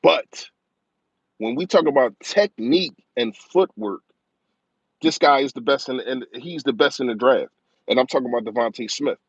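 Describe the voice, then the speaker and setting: Here a man hosts a live-stream sports show, his medium-pitched voice carrying a breathy edge. He launches into a fast, emotional fan rant about his team, rambling and hammering his points home through repetition. The recording is dry and lo-fi.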